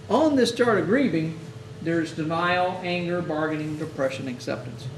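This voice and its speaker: A man's voice: on the high side, moderate pace. A man teaching hospital chaplains in a conversational lecture, often acting out exchanges with grieving families. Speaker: chaplain instructor. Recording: echoey room, mic far off, faint hiss.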